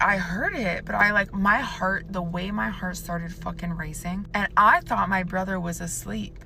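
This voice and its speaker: A woman's voice: medium pitch, unhurried, vocal fry, hardly any pauses, over music. A woman in her twenties telling a storytime vlog in a chatty, profane way, talking straight to the viewer.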